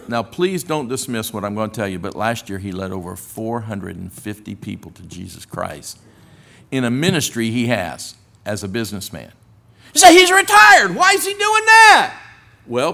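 A male preacher tells a story in his sermon, acting out each exchange as he goes. His voice sits at a middle pitch but swings widely up and down. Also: creaky. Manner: animated storyteller who acts out dialogue.

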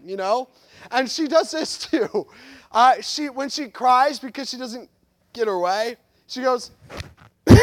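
A man in his thirties delivers a sermon from the pulpit. His voice sits remarkably high for a man, and he swings from loud, emphatic lines to soft, reflective ones. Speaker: pastor.

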